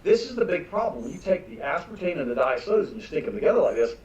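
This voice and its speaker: A man's voice: fairly high pitch, fast. An older man, a nutritionist, telling stories emphatically as a guest in a conversational interview. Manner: emphatic, animated anecdote-telling. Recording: distant roomy mic with dull lo-fi sound.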